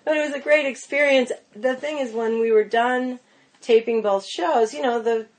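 Speaking at a normal speed in a slightly high voice, this woman is a pastry chef guesting on a podcast. Her casual storytelling is lively, heavy on "like" and "you know," and she performs other people's quotes.

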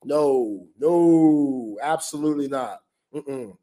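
A man co-hosting a sports podcast, telling a lively story from his college basketball days, laughing often and filling with "like" and "you know.". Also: mid-range voice, takes it slowly. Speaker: co-host, former junior college basketball player.

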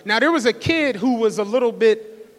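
Man, very high voice, animated profane storyteller, live podcast onstage, long hall reverb. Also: normal speed. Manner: animated, profane, acts out quotes. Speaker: podcast co-host. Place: live stage show in a studio venue.

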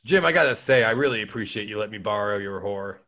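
A man's voice: fairly low pitch, animated, fast, sharp tone. A man doing improv comedy with a straight-faced, earnest manner.

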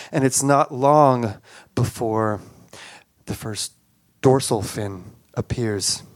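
A man telling a personal story aloud, halting and repeating words, with animated sound effects. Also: mid-range voice, dry recording.

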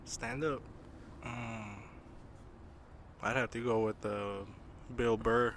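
A young man in casual chat, relaxed and slangy, calling everyone dude. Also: medium pitch, slow, a little hiss or hum. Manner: easygoing, slangy, says dude a lot. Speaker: podcast co-host.

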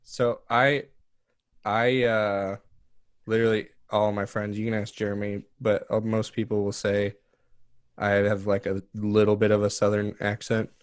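Young male co-host from near Chicago, hesitant chat, lowish voice, dry sound. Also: flat delivery, clean tone, no echo. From Chicago area. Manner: hesitant, halting. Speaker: podcast co-host. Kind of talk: casual chat.

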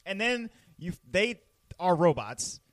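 A man's voice: high voice, sing-song, slow pace, no room sound. A man co-hosting a podcast, animatedly retelling a film scene in casual chat and laughing often. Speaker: podcast co-host.

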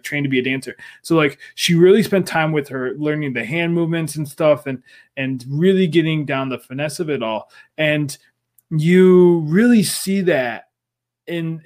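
Male podcast co-host, a touch high-pitched, eager and chatty as he theorizes. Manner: excited fan theorizing. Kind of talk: casual recap chat.

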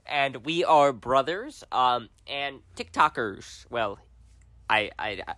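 Deadpan, teasing male podcast host, bright mid voice, dry close mic. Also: medium pitch, no echo. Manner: deadpan, teasing, rambling with fillers, quick asides. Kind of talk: casual podcast banter.

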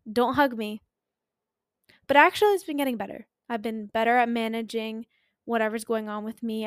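A woman's voice: on the high side, dry recording, studio quality. A young woman in her twenties from Philadelphia, hosting a podcast in a candid, self-mocking chat and laughing often. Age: 20s. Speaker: podcast host. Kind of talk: casual solo podcast chat.

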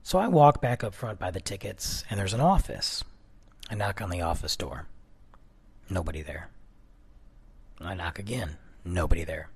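A man in his thirties or forties from the Detroit area, telling a personal story in a casual, animated way, rising to excited bursts and dropping to a hushed voice. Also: low-pitched, moderate pace, long pauses, husky.

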